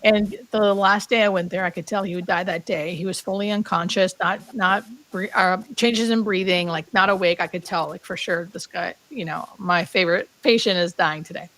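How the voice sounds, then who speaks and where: A woman in her thirties, a hospice nurse appearing as a guest, tells an emotional personal story in a rough recording. Her voice is fairly low, bright, and fairly even, at normal speed with few pauses. She speaks from the heart, says "like" constantly, and drops to a whisper when quoting.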